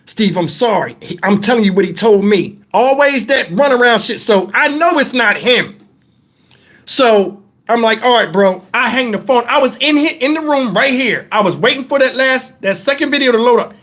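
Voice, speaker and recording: A man's voice: very high-pitched, expressive, moderate pace, fairly bright tone. A middle-aged man tells a story straight to his viewers. He speaks in a heated, profane and emphatic way. It is an angry vlog storytime rant. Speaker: vlogger.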